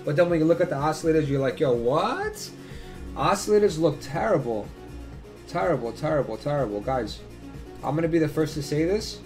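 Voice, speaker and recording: A man's voice: on the high side, lively intonation, fast, darkish tone, faint music behind. A man giving casual chart commentary as host of his channel, emphatic and repetitive, swearing freely. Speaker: crypto chart analyst hosting his channel.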